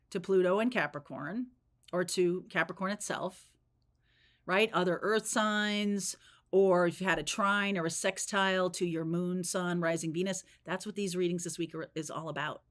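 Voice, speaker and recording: A woman's voice: medium pitch, a bit bright. Chatty woman giving a tarot reading. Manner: chatty, rambling, frequent "like" and "okay?". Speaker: tarot reader. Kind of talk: spontaneous tarot reading monologue.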